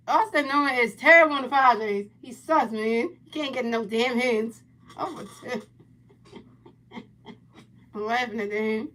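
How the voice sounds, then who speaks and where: A woman giving casual play-by-play commentary on a baseball video game, excitable, talking in a loose, colloquial way and yelling at the players. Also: on the high side, a little slow, long pauses. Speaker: gaming livestreamer.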